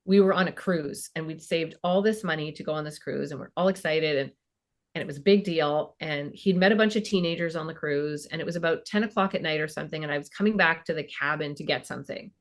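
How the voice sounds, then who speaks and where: Speaking fast in a low register, a woman in her fifties appears as a podcast guest. She's a child and family therapist who keeps things casual and plays out bits of parent-teen exchanges.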